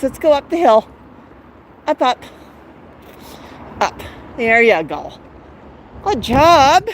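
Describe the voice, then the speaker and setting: A woman's voice: high voice, slight background noise. A middle-aged woman hosting a live-streamed walk outdoors, talking in a coaxing, sing-song way to her pet bird. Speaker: bird owner and host. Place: outdoors in a residential neighborhood.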